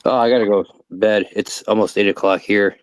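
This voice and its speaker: A man's voice: lowish voice, steady tone, a little fast, dry recording, low-quality recording. Laid-back man, dry mic. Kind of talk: casual live-stream chat.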